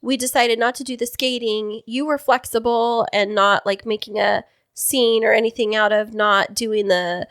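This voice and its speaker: A podcast co-host with a slightly high, fairly bright voice chats casually at a moderate pace with fairly even intonation. She sounds cheerful and teasing, and the clean studio recording has no room sound.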